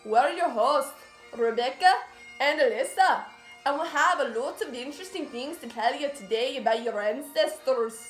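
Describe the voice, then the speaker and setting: Co-host, female, high voice, jokey fake Scottish accent, roomy echo with faint bagpipes behind. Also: expressive, normal speed, faint music behind. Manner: puts on a playful mock Scottish accent. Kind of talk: casual family history presentation.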